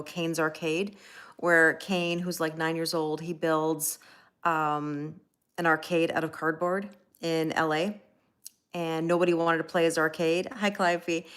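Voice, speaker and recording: Her low, smooth voice keeps a level tone and moderate pace, with a fairly bright quality. While hosting a casual live stream, she rambles through a story, laughs at herself, and calls out chat viewers by name. Besides streaming and reading tarot, she's a schoolteacher.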